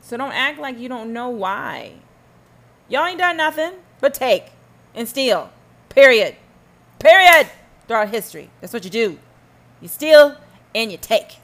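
A woman's voice: fairly high pitch, big pitch swings, measured pace, vocal fry. Emphatic sarcastic woman podcaster. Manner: emphatic and sarcastic, with rhetorical questions and hummed asides. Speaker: podcast host. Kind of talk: solo podcast monologue.

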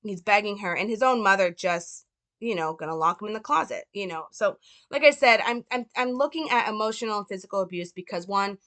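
A woman giving a casual, earnest film analysis, talking with lots of fillers and quick self-corrections. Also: mid-range voice, sharp tone. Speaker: film commentator.

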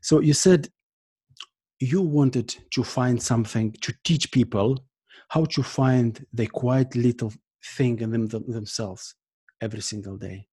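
Mellow husky male interview host. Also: mid-range voice. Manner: halting, non-native phrasing, supportive. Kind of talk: conversational interview.

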